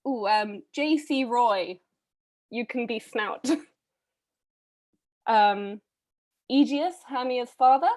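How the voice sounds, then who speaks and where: A woman hosting a live online read-through, casting roles in a chatty, brisk way with frequent ums, heard over a video call. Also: on the high side, darkish tone. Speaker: read-a-thon host casting readers.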